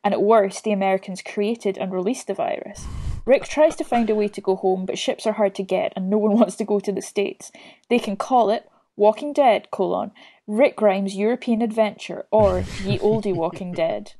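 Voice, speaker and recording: A woman's voice: medium pitch, moderate pace, warm tone. A woman co-hosting a casual podcast, reading a listener email aloud and chatting with frequent laughs. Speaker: podcast co-host.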